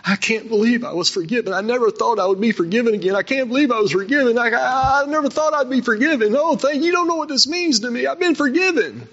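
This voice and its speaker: A man's voice: extremely high pitch, fast talker, few pauses, fairly bright tone, pitched above the performer's own voice, exaggerated voice. Man playing a sobbing, overwhelmed grown man. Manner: tearful, breathless repetition. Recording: dull lo-fi recording.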